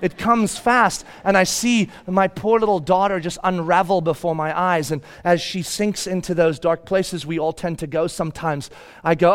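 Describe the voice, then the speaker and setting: A high-pitched middle-aged man delivers a sermon in a storytelling way. He builds from quiet reflection to loud, shouted reenactments of his own temper at home. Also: steady tone, normal speed, clean tone. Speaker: pastor.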